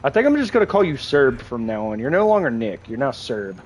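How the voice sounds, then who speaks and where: A man's voice: mid-range voice, sing-song, a little fast, slight background noise. A young man livestreaming a game, talking casually with his viewers in a crude, joking, rambling way, with lots of restarts. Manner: crude, joking, chats with viewers while playing; rambling with frequent restarts and laughter. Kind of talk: casual gaming livestream chat.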